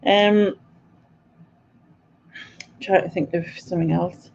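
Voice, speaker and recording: A woman with a broad Mackem accent from North East England, hosting a live quiz stream. She chats in an easy, unhurried way, answering viewer comments and laughing often, at a mid pitch. The stream audio is a little dull and lo-fi. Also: fairly even intonation, vocal fry, a little mellow, a little hiss or hum. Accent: Mackem, North East English. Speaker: livestream quiz host. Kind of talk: casual chat, reading viewer comments.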